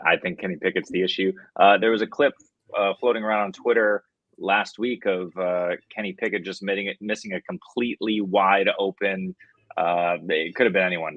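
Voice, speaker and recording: A man's voice: low-pitched, no room sound, muffled recording. A man co-hosting a casual fantasy football podcast, giving blunt, opinionated takes with many fillers. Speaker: co-host.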